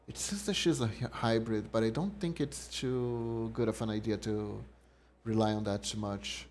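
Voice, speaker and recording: A man's voice: on the low side, moderate pace, darkish tone. A young man streaming a game, musing to himself and reading the game text aloud. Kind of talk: casual game commentary. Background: faint game music.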